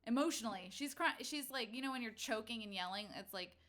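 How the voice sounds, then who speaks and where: A woman playing a tabletop game, describing her character's actions in an excitable, rambling way, swearing freely. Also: fairly high pitch, fast talker. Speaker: player. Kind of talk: casual tabletop role-play.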